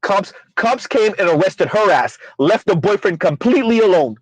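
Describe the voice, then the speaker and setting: Blunt, high-pitched male commentator. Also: expressive, normal speed, few pauses, dry recording, low-quality recording. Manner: blunt and profane, with laughs and rhetorical questions. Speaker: commentary channel host. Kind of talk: casual commentary rant.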